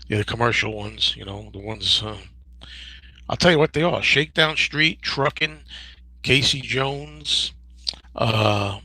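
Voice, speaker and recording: A man in his fifties hosting a casual livestream Q&A, rambling and digressive with many restarts and a gravelly, husky voice. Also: medium pitch, unhurried, sharp tone, no echo, low-quality recording. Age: 50s. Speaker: host.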